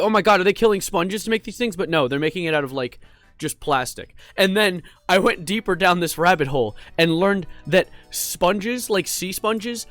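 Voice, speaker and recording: A man's voice: on the high side, no echo. A young man casually vlogging from home, goofy and rambling, with self-mocking asides. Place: home room with a cat. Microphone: desk mic.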